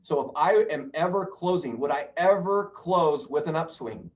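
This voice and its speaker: Guy teaching a sales training class, kinda high voice, sounds far off on a muffled lo-fi line. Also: animated, normal speed. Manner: instructive, asks the group questions and answers them himself. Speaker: real estate sales trainer. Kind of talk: live training talk on rapport. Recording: distant, dull lo-fi sound.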